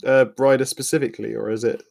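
A man's voice: mid-range voice, steady tone, quick pace, creaky, a little mellow. A man playing a tabletop game, chatty and amused. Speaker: player. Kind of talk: tabletop role-play chat.

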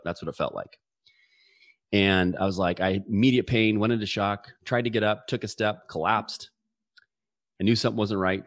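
A man's voice: lowish voice, no echo, clean studio sound. A man in his forties telling a personal story as an interview guest, earnestly, with frequent restarts and repeated words. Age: 40s.

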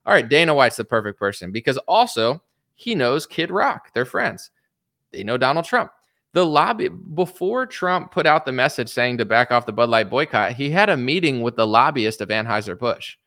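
A man's voice: medium pitch, sing-song, moderate pace, bright, forceful tone, no echo, clean studio sound. A man giving a sarcastic, mocking, profane rant as an online commentator. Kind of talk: ranting commentary.

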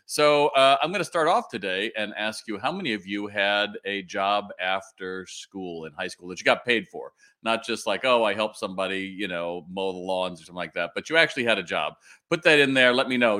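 A man's voice: fairly low pitch, pushed and bright. A man in his sixties hosting a live webinar, chatting directly with his viewers while he tells a story. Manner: chatty, addresses the audience directly. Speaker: retail consultant hosting a webinar.

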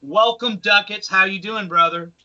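A man co-hosting a podcast, his voice very bright and forceful and set a bit higher than most. He comes across eager and profane, while the recording sounds somewhat dull and lo-fi. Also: moderate pace. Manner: enthusiastic, profane, keeps repeating "awesome". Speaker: podcast co-host. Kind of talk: casual podcast chat.

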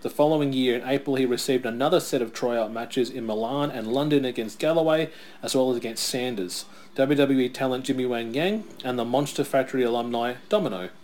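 A man's voice: medium pitch, brisk, a little mellow. A man co-hosting a casual wrestling watch-along, chatting and reading out wrestler facts. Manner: chatty, reads out wrestler facts, tells stories. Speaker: podcast co-host.

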